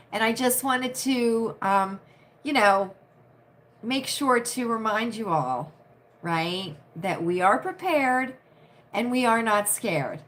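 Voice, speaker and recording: A high-pitched, sharp-toned woman from the United States runs a casual livestream chat. She's talkative and repetitive, regularly adding "right?" and breaking into laughter.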